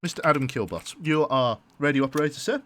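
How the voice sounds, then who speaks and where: A man with a fairly high, bright, expressive voice talks fast while live-streaming a submarine game. He rambles, hums to himself as he thinks and picks his crew, and reads the chat out loud.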